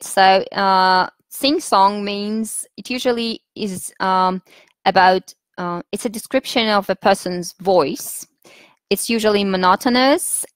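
A woman with a Russian accent runs a teachers' webinar at an unhurried pace, giving instructions patiently and pausing with fillers to collect her thoughts. Her voice sits at a middle pitch. The sound is dry and close, with no room echo. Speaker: teacher trainer.

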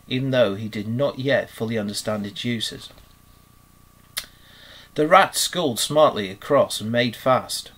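A teacher reading a storybook aloud. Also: male voice, mid-range voice, low-quality recording. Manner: measured, expressive storytelling. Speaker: primary school teacher. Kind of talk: reading a children's book aloud.

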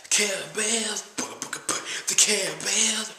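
A man's voice: sits high, flat delivery, unhurried, bright, forceful tone, echoey room, a little hiss or hum, voice pushed up, heavily acted. A man playing a cheap, nervous date who brags about himself and keeps calling himself "your boy", in a comedy skit.

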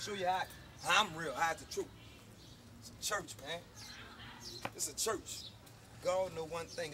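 A New Orleans man with a high, reedy voice fires off a cursing, boastful street rant straight to the camera. He sounds confrontational and unscripted, talking from outside on the block. Loud traffic and passing cars run right under his voice. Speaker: rapper. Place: outdoors on a neighborhood street.

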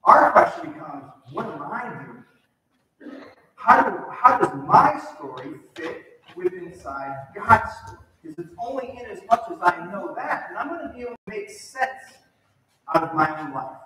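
A man's voice: high voice, sing-song, normal speed, bright, forceful tone, slight background noise. A man preaching a sermon in a conversational way, often asking the congregation questions. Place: church sanctuary. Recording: distant mic in an echoey hall.

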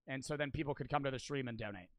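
A man's voice: mid-range voice, racing, no echo. A young man livestreaming for charity, casually thanking donors one after another, cursing constantly and a little out of breath.

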